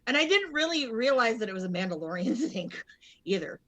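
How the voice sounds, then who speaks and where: A woman's voice: a little high, big pitch swings, a little fast, a bit bright. A woman co-hosting a casual wrestling podcast, talking in a hesitant way with many restarts. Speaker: regular podcast co-host.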